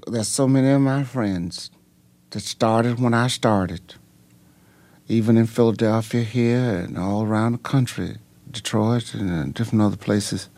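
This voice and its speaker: Slow, fervent older preacher man. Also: fairly low pitch, mellow, no echo. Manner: fervent, preacher-like, halting with many fillers. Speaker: pastor. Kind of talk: emotional interview storytelling.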